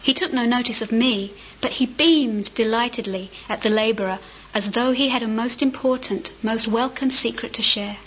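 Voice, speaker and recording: Woman reading a story out loud, fairly high voice, a bit muffled with faint hiss. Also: moderate pace, husky. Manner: casual, occasionally laughing and stumbling over words.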